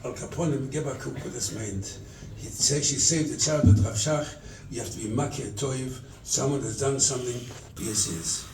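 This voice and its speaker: A rabbi from England giving a sermon at a charity event, telling stories and acting out the dialogue. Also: male voice, medium pitch, normal speed, hardly any pauses, background noise. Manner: storytelling, quotes scripture and acts out dialogue. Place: event hall. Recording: echoey room, distant mic.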